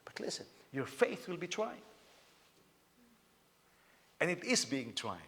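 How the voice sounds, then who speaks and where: A male senior pastor preaching a sermon, telling stories with sudden loud bursts of emphasis. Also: on the high side, big pitch swings, slow pace.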